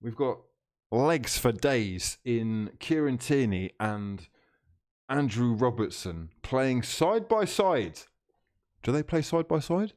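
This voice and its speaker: A man's voice: medium pitch, sing-song, slow, a little mellow. A man hosting a live football watchalong stream, reading out chat comments, teasing viewers and laughing often.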